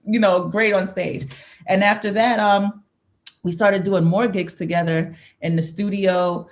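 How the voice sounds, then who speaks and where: A woman's voice: medium pitch, fairly even intonation, normal speed. A woman in her thirties, a singer talking as an interview guest, reminiscing casually, laughing often and restarting her sentences.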